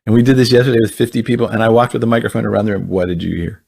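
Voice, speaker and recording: A man's voice: mid-range voice, little pitch movement, racing, vocal fry, a little mellow. A man speaking earnestly in a conversational teaching style, often repeating words and restarting his phrases. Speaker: Christian ministry speaker.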